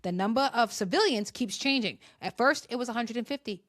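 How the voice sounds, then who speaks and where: A woman's voice: on the high side, fairly quick, a bit bright, no echo, clean studio sound. A young woman ranting through political commentary, heated, sarcastic and emphatic. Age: young adult. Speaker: commentary vlogger.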